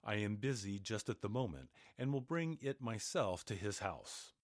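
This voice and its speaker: A crooked little dwarf cobbler answers briskly, busy with his work, as a man reads his lines in a storybook. The voice sits a bit above the reader's own, and the sound is dry and close. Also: lowish voice, animated, no echo, close to an everyday voice.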